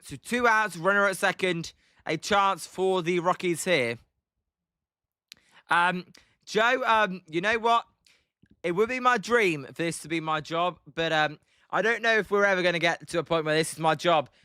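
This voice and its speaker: A British livestream host calls a baseball game play by play while chatting with his viewers and reading their messages aloud. His voice is high, bright and forceful with a clean tone, at normal speed, in clean studio sound without room echo. The casual commentary is chatty and dotted with ums between plays.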